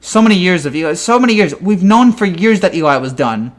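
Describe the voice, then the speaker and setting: A man delivers a fan reaction rant in a voice pitched well above most men's. He sounds exasperated throughout and keeps tripping over his words, restarting sentences as he vents. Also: animated, a little fast. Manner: exasperated and ranting, with frequent stammered restarts. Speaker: sports fan commentator.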